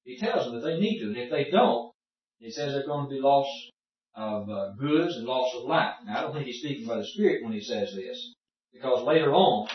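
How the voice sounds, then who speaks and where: A man with a medium-pitched, lively voice talks fairly quickly while leading an informal Bible study, explaining things in a folksy way and pausing to quiz his students. He's far from the mic in a very echoey room, and the sound is muffled.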